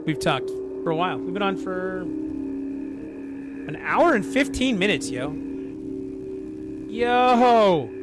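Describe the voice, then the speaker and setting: A man in his forties with a hoarse, scratchy voice after being sick, chatting casually and rambling to viewers during a game stream at home. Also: high voice, big pitch swings, a little slow, long pauses, loud music behind the voice. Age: 40s. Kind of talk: casual live-stream chat.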